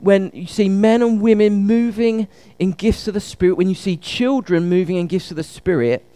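Higher-voiced male preacher, dry sound. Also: moderate pace, warm tone, dry recording. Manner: conversational, asks the congregation questions. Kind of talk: sermon. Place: church service.

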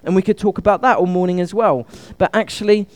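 Higher-voiced male preacher, dry sound. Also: steady tone, fast talker, dry recording. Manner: conversational, asks the congregation questions. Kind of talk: sermon. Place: church service.

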